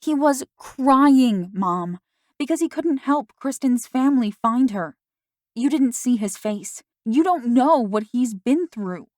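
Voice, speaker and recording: A woman's voice: on the high side, animated, takes it slowly, darkish tone, no echo, clean studio sound, pitched above the performer's own voice. A woman voicing a teenage girl who defends her friend emphatically, in an audiobook. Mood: insistent. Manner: insistent, emphatic. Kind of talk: audiobook dialogue.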